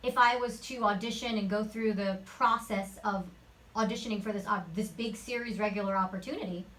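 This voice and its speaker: A woman actress being interviewed at a home studio, telling a lively, chatty anecdote. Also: mid-range voice, a little fast, recorded from a distance, poor audio. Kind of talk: interview storytelling.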